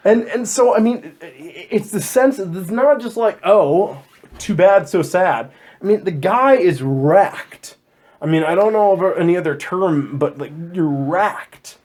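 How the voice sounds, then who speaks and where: A man with a fairly high voice hosts a casual Bible discussion podcast. He is animated and jokey, and he stumbles over his words and repeats himself as his thoughts run ahead. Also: measured pace. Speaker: podcast host.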